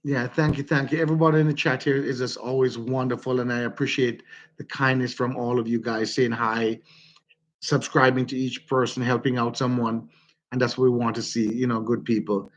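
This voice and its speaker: A man with a Jamaican accent, hosting a casual livestream and warmly greeting his viewers by name. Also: medium pitch, level tone, fairly quick, highs cut off. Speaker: livestream host.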